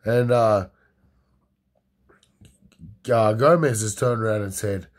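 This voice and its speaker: A man's voice: mid-range voice, lively intonation, measured pace, pauses often. Rambling man telling a crude yarn. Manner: rambling, many fillers, crude humour. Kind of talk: casual oral storytelling.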